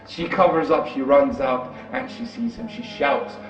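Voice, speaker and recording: A male preacher with a medium-pitched voice tells a story in a dramatic, animated style, acting out the characters. He speaks a little slowly with hardly any pauses. The recording sounds echoey, distant and muffled, with music playing behind him.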